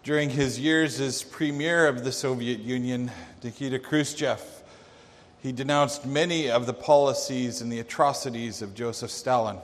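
A male pastor preaching a sermon, telling a story dramatically with emphatic pauses. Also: mid-range voice, steady tone. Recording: long reverb of a large hall.

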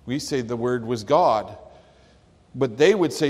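A pastor preaching a sermon, slow and emphatic, leaning hard on key words. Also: male voice, mid-range voice, lively intonation, a little mellow, husky. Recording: long hall reverb.

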